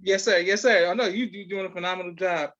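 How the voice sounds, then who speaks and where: A man's voice: sits high, fairly even intonation, fast talker, fairly bright tone, muffled recording. A male podcast host interviewing a guest remotely, respectful and saying "yes, sir" often.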